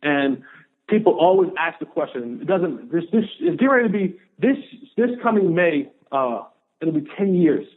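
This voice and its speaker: A man in his thirties, a guest on a podcast, telling a personal story in an animated way and acting out the voices of the people in it. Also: fairly high pitch, normal speed. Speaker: podcast guest, former pro football player. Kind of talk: storytelling in an interview. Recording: narrow phone-like sound.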